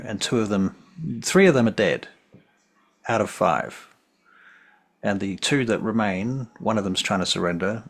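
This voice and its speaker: A man's voice: deep voice, fairly bright tone. A man running a tabletop game as game master, easygoing and thinking aloud as he tallies dice.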